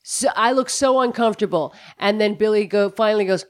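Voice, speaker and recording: A woman co-hosting a podcast, telling a story in an animated casual chat that is full of swearing. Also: on the low side, normal speed, dry recording, studio quality. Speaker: podcast co-host.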